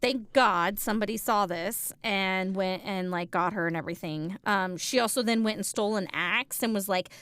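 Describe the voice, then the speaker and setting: A woman's voice: mid-range voice, normal speed, few pauses, fairly bright tone, clean tone, no room sound. A woman co-hosting a casual true crime podcast, telling the story with lots of ums and likes.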